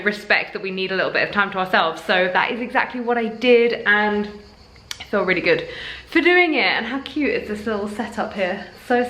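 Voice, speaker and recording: A woman's voice: fairly high pitch, a bit bright, low-quality recording. A young woman talking to her camera in a casual vlog, chatty and rambling in an upbeat way. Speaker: lifestyle vlogger.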